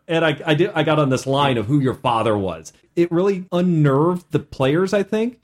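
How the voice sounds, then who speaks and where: A man hosting a casual podcast as a game master, animated, with many restarts. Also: a little high, normal speed, hardly any pauses.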